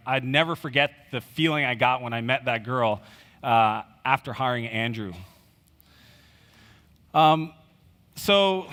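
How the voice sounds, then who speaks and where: This male conference speaker has a medium-pitched voice that sounds pushed and bright. Giving a keynote in a large hall, he tells a personal story conversationally, full of fillers and quoted lines, and the sound reverberates around the room.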